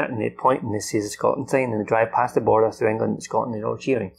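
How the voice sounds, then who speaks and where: Gravelly man recapping a film. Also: medium pitch, steady tone, rapid-fire, few pauses. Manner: rambling, swears freely, acts out the characters' lines. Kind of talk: unscripted film recap from memory.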